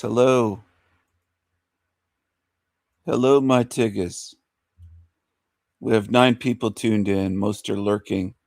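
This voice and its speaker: A man's voice: lowish voice, vocal fry, a little mellow, no room sound, studio quality. A man hosting a live stream in casual chat, repeating his greetings over and over and coaxing silent viewers to speak up. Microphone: desk mic.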